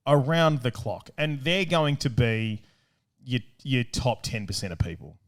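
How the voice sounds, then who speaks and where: A man's voice: mid-range voice, measured pace. An Australian man co-hosting a gaming show, chatting enthusiastically and rambling with plenty of fillers. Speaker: show co-host. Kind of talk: casual chat.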